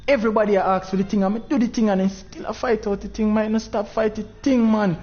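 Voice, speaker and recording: A man's voice: high voice, steady tone, quick pace, highs cut off, soft background music. A Jamaican man hosting a game tournament livestream, talking in heavy patois, frustrated and preaching at his viewers.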